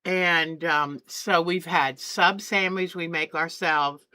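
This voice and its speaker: An older woman rambles through a casual crafting vlog, pausing often with ums and restarting her sentences. She talks at an unhurried pace. Her voice sounds bright and forward. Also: lowish voice, fairly even intonation, no room sound. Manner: rambling and homey, with many fillers and restarts. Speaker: quilting channel host. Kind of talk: casual chat.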